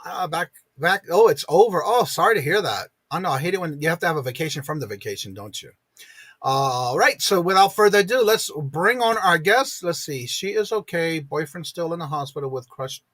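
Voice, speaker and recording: A man's voice: on the high side, lively intonation, fairly quick, a bit bright, no room sound. A man hosting a live morning stream. He chats casually and greets his viewers one by one by name.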